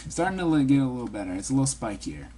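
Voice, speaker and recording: A man reading a manga chapter aloud and commenting on it in a casual, animated way. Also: mid-range voice, husky. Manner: reads every character's lines himself in an animated voice, adds quick asides.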